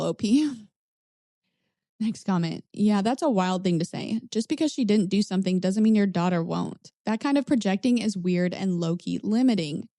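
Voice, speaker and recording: A woman reads online posts in a casual, chatty way and keeps breaking in with blunt, sarcastic asides. Her voice is mellow and warm, and it sits at a middling pitch. The recording is close and dry. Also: no echo. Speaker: reddit story reader and commentator. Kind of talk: casual reading with commentary.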